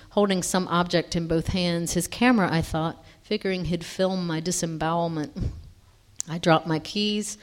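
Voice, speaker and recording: A woman reading a first-person story aloud in a fairly low voice. She reads expressively and stops now and then to correct a word. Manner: expressive, with small self-corrections.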